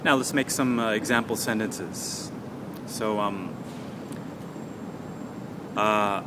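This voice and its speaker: Male English teacher, low voice, patient and repetitive, noisy street rumble behind. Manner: patient, repeats words slowly for learners. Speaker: English teacher and podcast host. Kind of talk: English pronunciation lesson.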